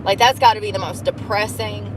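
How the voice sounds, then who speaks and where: A woman's voice: mid-range voice, steady tone, a little fast, noisy background. A woman chatting casually while driving, profane and laughing often. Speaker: vlogger. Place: car.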